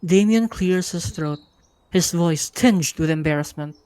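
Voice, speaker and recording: Low-voiced woman narrating a story. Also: measured pace, mellow, smooth, no room sound. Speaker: host and narrator. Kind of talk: live first-person story narration.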